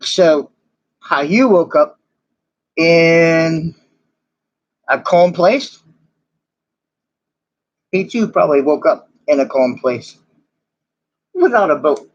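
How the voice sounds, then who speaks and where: A man's voice: on the high side, animated, slow, pauses often. A man narrating as game master in a casual, rambling way with many fillers. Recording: dull lo-fi recording.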